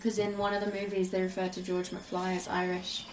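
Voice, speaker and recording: A woman's voice: fairly low pitch, completely flat delivery, brisk. A woman chatting casually while watching a film with a friend, swearing freely and laughing often. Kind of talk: casual watch-along chat. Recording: roomy sound with crowd noise.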